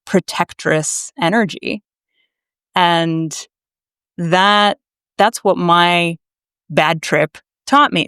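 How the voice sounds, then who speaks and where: A woman from Massachusetts, a naturopathic doctor, telling her story to a podcast host in a blunt, animated way. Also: medium pitch, clean tone, dry recording, studio quality. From Massachusetts, USA. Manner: animated, emphatic, blunt, swears freely. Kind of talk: conversational storytelling.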